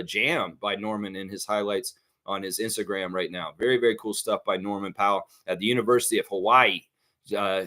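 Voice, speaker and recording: Male host, casual live-stream banter, quick laughs, easygoing. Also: fairly low pitch, a bit bright. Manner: chatty, laughs often, sings snippets, many fillers. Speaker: sports livestream host. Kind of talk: casual live chat reading viewer comments.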